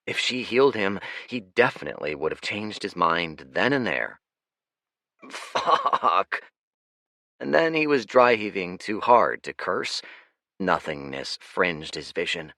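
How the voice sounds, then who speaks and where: A man narrating an audiobook in a dramatic, expressive storytelling manner. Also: lowish voice, vocal fry, no room sound, studio quality. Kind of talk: scripted narration.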